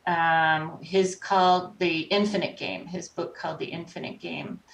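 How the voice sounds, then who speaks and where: A woman guest on a podcast, telling stories in an animated, conversational way and acting out the voices of people she met. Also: on the low side, a little slow, creaky. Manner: animated, acts out quoted voices. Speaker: podcast guest, life coach. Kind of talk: conversational storytelling. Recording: roomy echo, distant from mic.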